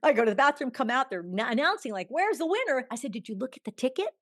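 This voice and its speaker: Lively storytelling woman in her sixties. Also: fairly high pitch, racing. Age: 60s. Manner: animated, acts out quoted dialogue, laughs often. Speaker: podcast guest. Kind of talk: storytelling in a conversational interview.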